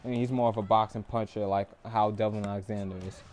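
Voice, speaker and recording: A man's voice: fairly low pitch, little pitch movement, fast. A young man hosting a casual gaming live stream, talking boxing in a laid-back way. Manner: laid-back, breaks into laughter and loud bursts. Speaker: stream host and boxing commentator.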